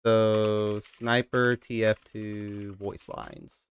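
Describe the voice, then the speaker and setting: A man's voice: lowish voice, little pitch movement, extremely slow, smooth. A young man streaming, rambling casually and talking straight to his chat.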